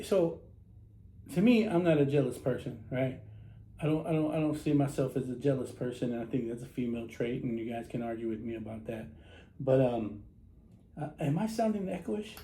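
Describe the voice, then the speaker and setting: A man's voice: medium pitch, mellow. A man talking casually to his viewers in a blunt, profane, opinionated rant, acting out the lines he quotes. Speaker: social media vlogger. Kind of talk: casual ranting monologue to camera. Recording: echoey room.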